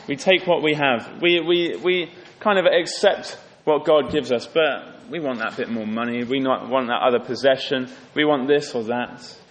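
A man preaching a sermon earnestly, lifting his voice for emphasis and dropping low and quiet on solemn points. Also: slight background noise. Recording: long hall reverb.

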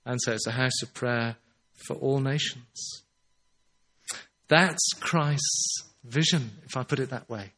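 A man preaching a sermon in an earnest, emphatic way, slowing down on his key phrases. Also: mid-range voice, bright, forceful tone.

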